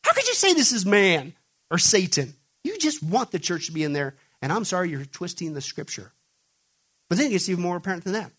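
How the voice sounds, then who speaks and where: A male preacher with a high-pitched voice, delivering a forceful sermon. He keeps asking questions and answering them himself, swinging between loud, pressing emphasis and low, intense passages. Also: big pitch swings, moderate pace, husky. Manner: emphatic call-and-response questioning.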